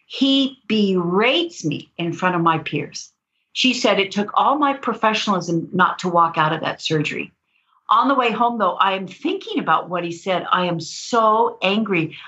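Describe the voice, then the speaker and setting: A woman telling stories as a podcast guest, animated and quick to laugh. Her voice sits mid-range and comes through a dull, lo-fi recording. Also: mid-range voice. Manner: animated storyteller, laughs often. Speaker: guest author. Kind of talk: storytelling interview. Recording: dull lo-fi audio.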